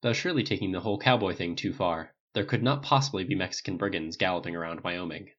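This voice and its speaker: Male narrator, lowish register, steady storybook reading, muffled recording. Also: quick pace, few pauses. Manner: reads all characters with small pitch lifts in dialogue. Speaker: audiobook narrator. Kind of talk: scripted narration.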